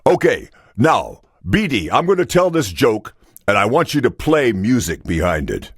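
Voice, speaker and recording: A man co-hosting a podcast interview, telling a long joke as an animated storyteller. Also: medium pitch, normal speed, husky. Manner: animated storyteller, laughs between lines. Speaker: podcast co-host.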